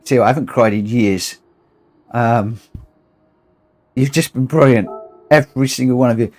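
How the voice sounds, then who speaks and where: A British man with a mid-range, slightly dark voice speaks at a normal pace while hosting a charity racing-game livestream. Overcome with emotion, he keeps repeating his thanks as he chokes up.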